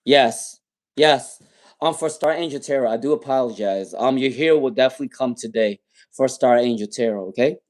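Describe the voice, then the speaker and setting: A man's voice: medium pitch, normal speed. A man doing live tarot readings on a stream, rambling and repeating viewers' names with many ums. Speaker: tarot reader.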